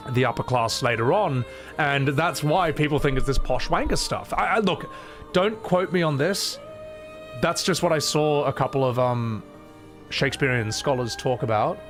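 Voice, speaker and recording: A man chatting casually on a live stream, opinionated and sweary, with frequent asides. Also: a little high.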